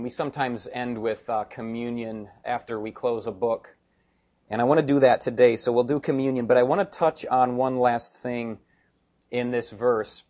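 Animated pastor preaching, dull lo-fi sound. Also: male voice, mid-range voice. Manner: animated and emphatic, with joking asides. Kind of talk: sermon.

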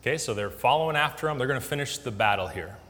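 A man's voice: mid-range voice, lively intonation, quick pace, sharp tone. A man giving a casual Bible lesson, conversational, with many fillers and restarts. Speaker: Bible teacher. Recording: long hall reverb.

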